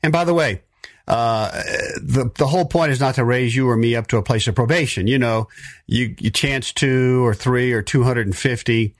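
A man's voice: medium pitch, moderate pace, no echo, studio quality. A man teaching a sermon-style Bible talk for a podcast, emphatic, with frequent fillers and restarts. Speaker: podcast preacher.

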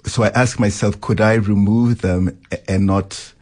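A man, a novelist, answering questions in a radio interview in a reflective, measured way. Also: on the low side, steady tone, a little mellow. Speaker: novelist guest.

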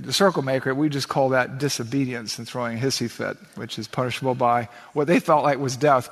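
A middle-aged man preaching a sermon as pastor, animated and full of rhetorical questions. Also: medium pitch, long reverb tail.

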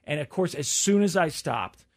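A man in his forties in casual chat, an animated storyteller who acts out the people he quotes. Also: a little high, normal speed. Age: 40s.

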